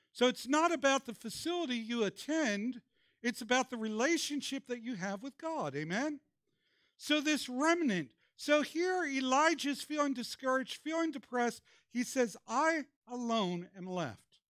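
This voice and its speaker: A man with a strikingly high voice preaches a sermon. He keeps calling on the congregation to respond. The sound is close and dry, with little room around it. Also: fairly bright tone, no echo. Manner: preaching with call-and-response prompts. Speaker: pastor. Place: church.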